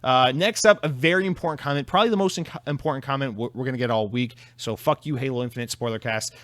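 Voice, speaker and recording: A man's voice: medium pitch, fast talker, fairly bright tone, no room sound. Brief: young male podcaster, mid-range voice, loose profane rambling, dry studio sound. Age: 20s. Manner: rambling, profane, self-deprecating. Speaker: podcast host. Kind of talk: casual solo podcast chat.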